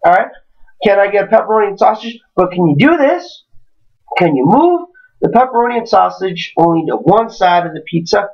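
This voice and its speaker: A man spins a rambling comic story in casual podcast chat, growing animated and cursing as he gets worked up. He sounds set back from the microphone, and the recording is dull and lo-fi. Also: sits high, normal speed. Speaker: podcast co-host. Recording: distant, dull lo-fi home recording.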